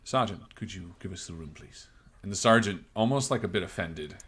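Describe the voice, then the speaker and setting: Man, very low voice, game master, relaxed rambling narration, lots of fillers. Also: fairly quick, husky.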